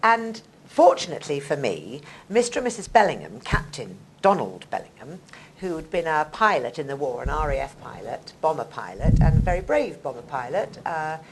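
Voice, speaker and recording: A woman in her sixties with a posh English accent, an actress telling her life story in a lively, theatrical way. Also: low voice, moderate pace, a little hiss or hum, low-quality recording. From England. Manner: animated, theatrical, acts out other people's voices. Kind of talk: conversational storytelling on stage.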